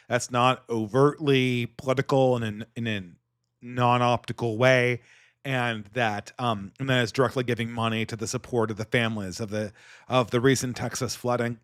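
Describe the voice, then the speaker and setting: A man hosting a casual livestream, thanking donors and musing in a sardonic, halting manner. His voice sits at an ordinary middle pitch, and the sound is dry and close to the mic. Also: steady tone, fairly bright tone, clear, resonant tone, no room sound. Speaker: livestream host. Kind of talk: casual livestream chat reading donations.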